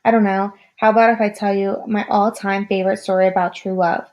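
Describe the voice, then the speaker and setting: A woman's voice: mid-range voice, level tone, fairly quick, darkish tone, natural voice. A woman reading an earnest young woman.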